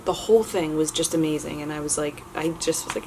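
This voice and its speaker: Young woman, low voice, chatty vlogger, frequent fillers, faint background hiss. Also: quick pace, hardly any pauses. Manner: chatty, many fillers and restarts, candid. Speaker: vlogger answering viewer questions. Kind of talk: casual chat.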